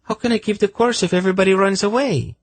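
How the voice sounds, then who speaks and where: A woman's voice: medium pitch, fast talker, no room sound, voice pushed up, natural voice. A man voicing a fiery, demanding young queen in an audiobook. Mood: indignant. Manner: sharp and demanding.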